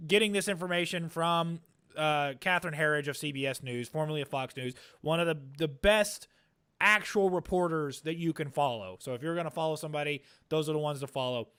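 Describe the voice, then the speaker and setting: Emphatic high-voiced man. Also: sharp tone, clean tone. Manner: emphatic, repeats words when starting a point. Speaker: podcast co-host. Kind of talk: political commentary chat.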